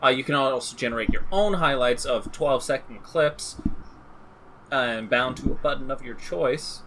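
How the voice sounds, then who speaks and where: A man's voice: medium pitch, moderate pace, background noise. A man co-hosting a casual gaming podcast, going over update notes in a rambling, joking way. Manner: joking, rambling, self-deprecating. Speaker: podcast co-host. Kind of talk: casual chat reading game patch notes.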